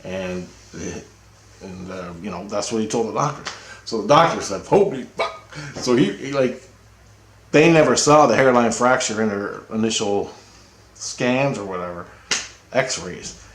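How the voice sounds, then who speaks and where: A man casually retelling a personal story, rambling and profane, getting excited when he quotes people. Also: on the low side, roomy sound. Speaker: storyteller recounting a personal experience.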